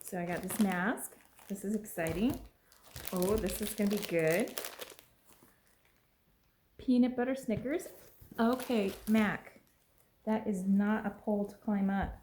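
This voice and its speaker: A woman vlogging as she unboxes a package at home, gushing and exclaiming excitedly over each item. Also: medium pitch, unhurried, long pauses, a little hiss or hum. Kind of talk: casual unboxing vlog. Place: at home with a pet. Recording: echoey room.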